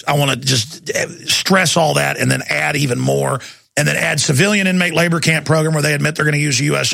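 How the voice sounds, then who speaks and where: Gravelly, intense talk radio host. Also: male voice, fairly high pitch, bright, forceful tone, dry recording. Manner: intense, rapid, exclaiming, mocking quotes.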